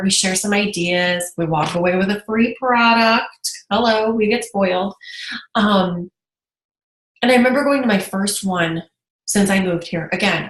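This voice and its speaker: Speaking to her live video audience, this thirtysomething direct sales team leader, now living in North Carolina, grows emotional while talking in a casual, sincere way. Her voice is mid-range, captured in poor audio in an echoey room.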